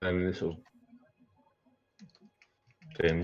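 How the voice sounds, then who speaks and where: A man's voice: low voice, completely flat delivery, slow pace, pauses often, a little mellow, soft background music. A man narrating a tabletop game as dungeon master, hesitant and full of fillers. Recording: muffled lo-fi stream audio.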